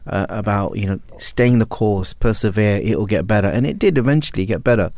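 Low gravelly man, reflective. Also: a little mellow. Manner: reflective, philosophical, measured. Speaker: panel guest. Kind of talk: panel discussion.

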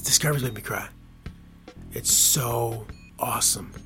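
A man hosting his own podcast, talking casually in a rambling, repetitive, playful way that swings from hushed to excited. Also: medium pitch, a little slow, soft background music. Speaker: podcast host. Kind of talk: casual solo podcast monologue.

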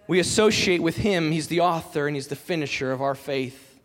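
A man's voice: a little high, fairly quick, big-room sound. A man in his thirties preaching a sermon, earnest and emphatic, repeating his key phrases. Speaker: pastor.

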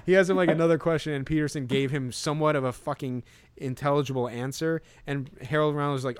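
A man co-hosting a podcast, chatting casually with lots of fillers and animated retelling. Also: a little high, quick pace, clear, resonant tone, no echo. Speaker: podcast co-host. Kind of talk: casual chat.

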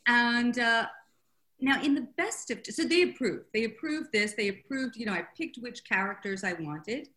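A woman's voice: fairly high pitch, expressive, normal speed, pushed and bright. An older woman author telling a long anecdote in an interview, chatty and self-deprecating, laughing often. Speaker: author guest. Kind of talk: interview storytelling.

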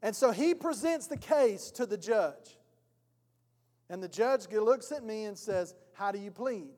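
A male pastor giving a sermon in a church, telling an animated story and acting out its scenes. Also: sits high, a little slow. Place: church hall. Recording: long reverb of a church hall.

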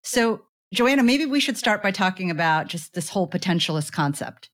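A woman co-hosting a podcast, introducing a guest in a measured, deliberate way. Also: medium pitch, expressive. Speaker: podcast co-host. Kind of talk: reading an introduction.

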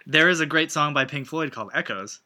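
A man co-hosting a podcast in casual comedic chat, speaking in a dry, matter-of-fact deadpan. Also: fairly high pitch, brisk. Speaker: podcast co-host.

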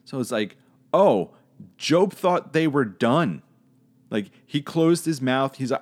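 A man's voice: medium pitch, very animated, slow. A man giving a casual Bible lesson. He talks in a conversational, searching way, hedging and correcting himself as he goes. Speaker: Bible teacher.

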